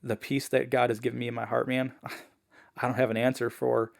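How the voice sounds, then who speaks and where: Brief: gravelly male podcast guest, casual and animated, mid-range pitch, acts out quotes in his story. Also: brisk. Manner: fillers like "man" and "like".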